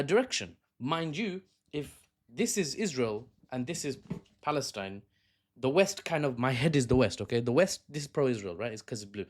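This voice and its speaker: Brief: male commentator, chatty and lively, mid-pitched, self-correcting with wry asides. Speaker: political commentator. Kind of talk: casual political commentary video.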